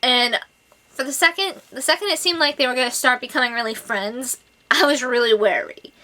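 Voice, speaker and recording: Gushing woman with a bright voice. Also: a little high. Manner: gushing, excitable, filler-heavy with lots of "like" and "oh my God". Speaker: book reviewer. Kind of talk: casual book review vlog.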